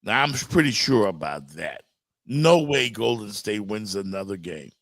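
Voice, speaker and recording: A man hosting a sports talk show, his pitch swinging widely as he pushes his opinions. The sound is dry and close. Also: a little slow, no room sound. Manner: lively, emphatic opinions.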